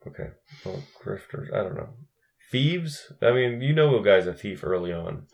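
Low, gravelly man chatting casually. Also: expressive, normal speed, a little mellow. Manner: rambling, profane, with frequent restarts. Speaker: podcast co-host. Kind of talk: casual film review chat.

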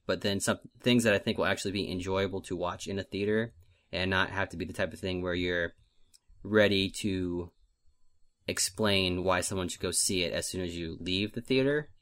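Man, low voice, casual podcast co-host, rambling, filler-heavy. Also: a bit bright. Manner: rambling, self-deprecating, many fillers. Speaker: podcast co-host, film list maker. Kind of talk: casual podcast chat about movies.

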